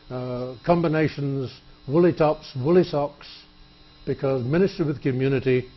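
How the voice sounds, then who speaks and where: A man's voice: mid-range voice, highs cut off. Chatty man hosting a studio show. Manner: chatty, joking, halting with fillers. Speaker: TV show host. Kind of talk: public-access studio interview. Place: TV studio table.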